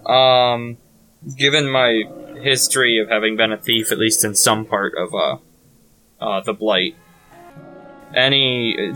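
A man's voice: medium pitch, sharp tone, poor audio. A man playing a tabletop game, thinking aloud hesitantly about rules and his character. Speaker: player.

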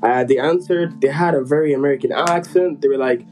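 A man's voice: fairly high pitch, a little fast, a little mellow, soft background music, poor audio. A man chatting casually and telling a rambling, joking story about his school days. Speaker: podcast co-host telling a story. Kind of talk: casual chat.

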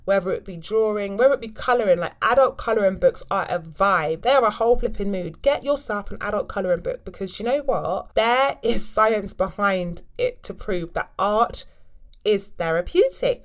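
Woman, mum vlogger, frank and animated casual advice. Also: mid-range voice. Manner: chatty, frank and animated, with quick asides. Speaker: mum vlogger giving wellbeing tips. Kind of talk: casual advice chat to camera.

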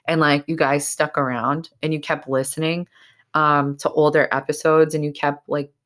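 A woman's voice: sits low, level tone, moderate pace. A woman from Massachusetts hosting her own podcast, talking casually and emotionally, choked up and tearful, with many fillers and restarts. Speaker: podcast host. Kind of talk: casual solo podcast talk.

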